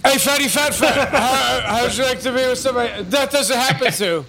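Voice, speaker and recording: A man's voice: extremely high pitch, a little fast, sharp tone, a little hiss or hum, exaggerated voice. A man playing a crude, leering dim-witted adventurer. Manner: sleazy pickup lines, leering.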